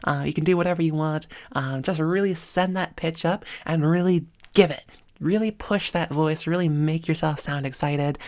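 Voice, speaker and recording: A woman's voice: deep voice, normal speed, darkish tone, no room sound, studio quality. A woman voice coach talking at a desk microphone, explaining exercises step by step in an upbeat way. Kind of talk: spoken voice lesson.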